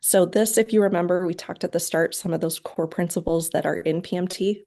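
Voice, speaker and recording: A woman with a lower voice and a gravelly edge gives an online lecture. She explains each step clearly and slips into short quoted lines from parents and kids. Her voice comes through a video call. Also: darkish tone. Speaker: parent training presenter. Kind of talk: lecture presentation.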